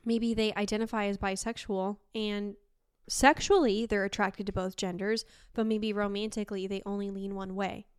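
A young woman from Argentina in casual podcast chat, chatty and quick to laugh. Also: mid-range voice, clean tone, no room sound, studio quality. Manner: laughs often, chatty and animated.

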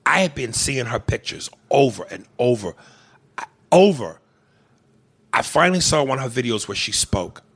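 A young man co-hosting a podcast, reading listener emails and trading crude jokes, loud and animated, shouting one moment and murmuring the next. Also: medium pitch, normal speed, long pauses, slightly rough. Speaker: podcast co-host. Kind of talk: crude comedic podcast banter.

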